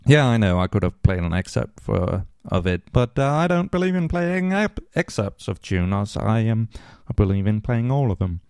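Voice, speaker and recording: A man's voice: on the low side, sing-song, normal speed, a little mellow, clean tone, no room sound. A man hosting a casual podcast, reading listener mail and answering with rambling asides and dry humor. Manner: rambling, many ums and restarts, dry humor. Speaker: podcast host.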